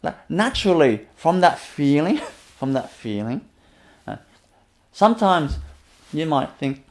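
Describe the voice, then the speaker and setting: A man giving a spiritual teacher's webinar talk, gently, chuckling often and repeating his phrases. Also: a little high, big pitch swings, slow pace.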